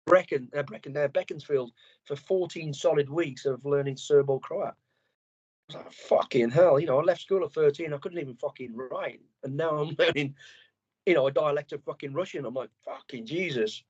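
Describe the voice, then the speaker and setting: With a slightly high voice and a fairly quick pace, a middle-aged man from England talks as a guest on a podcast, and the recording lacks its high frequencies. An ex-soldier, he tells animated stories in a casual interview, swearing heavily and speaking bluntly.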